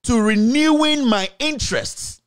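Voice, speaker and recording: A man's voice: very high voice, animated, unhurried, smooth. A man with a Ghanaian accent giving heated political commentary, scolding and emphatic, mixing in Twi phrases.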